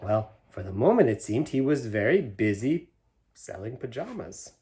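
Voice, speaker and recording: A middle-aged man reading a children's picture book aloud, stopping to explain the pictures in gentle asides. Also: medium pitch, very animated, moderate pace. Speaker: storybook reader.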